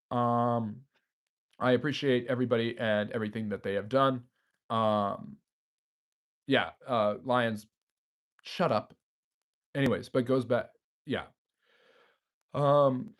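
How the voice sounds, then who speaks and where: A man's voice: mid-range voice, measured pace, pauses often. A man hosting a history live stream, reading viewers' chat messages aloud and answering them off the cuff with frequent fillers. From United States.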